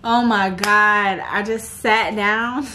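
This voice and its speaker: A woman's voice: medium pitch, steady tone, drawn-out words, sharp tone. Chatty woman vlogging, music behind. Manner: chatty, laid-back, keeps addressing viewers. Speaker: vlogger talking to viewers. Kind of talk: casual vlog chat. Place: home kitchen, indoors. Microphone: handheld camera.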